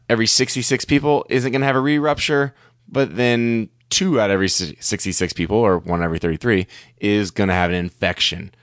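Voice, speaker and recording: A man's voice: lowish voice, dry recording, studio quality. A man hosting a medical podcast, talking through research papers in a conversational, wry and skeptical way. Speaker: podcast host. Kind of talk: casual medical podcast commentary.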